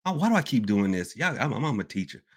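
A man's voice: mid-range voice, very animated, fast, slightly rough. Man, podcast host, casual talk, rambling, repeats phrases, says y'all. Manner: rambling, repeats himself, addresses listeners as y'all. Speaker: podcast host and hoodoo worker.

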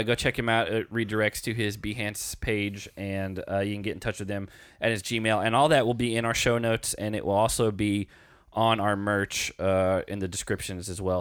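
A man's voice: lowish voice, no echo, studio quality. A man co-hosting a podcast, running through announcements in a loose, rambling way with lots of fillers. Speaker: podcast co-host. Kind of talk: casual podcast chat.

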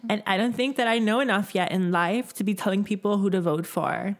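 A woman's voice: mid-range voice, a little fast, natural voice. A woman voicing a young female pop star in a breezy, girlish lilt. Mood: prim.

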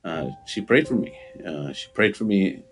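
Man, very deep voice, earnest testimony, halting, lots of ums. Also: expressive. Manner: halting, with frequent fillers and restarts; earnest, with occasional laughter. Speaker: interview guest. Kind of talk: personal testimony in conversation.

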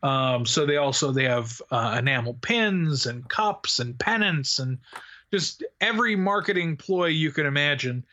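A man's voice: on the high side, lively intonation, a little slow, bright, forceful tone, lo-fi sound. A man co-hosting a podcast in casual chat, rambling with fillers, restarts and frequent laughs. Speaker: podcast co-host.

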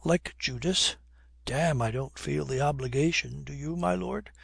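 Brief: wry, reckless young gentleman, husky, slow, as a male narrator reads him. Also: on the high side, no echo, clean studio sound, full character voice. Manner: flippant.

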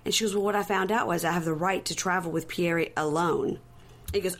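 Speaking a little fast in a lowish register, this podcast co-host chats through a casual recap. She retells scenes with plenty of animation and performs the quoted lines herself.

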